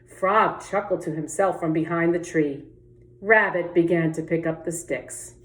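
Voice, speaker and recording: A woman's voice: lowish voice, unhurried. A woman teacher reading a children's picture book aloud, giving each animal its own voice and inviting the kids to sing along. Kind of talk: children's read-aloud with sung refrain. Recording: echoey room.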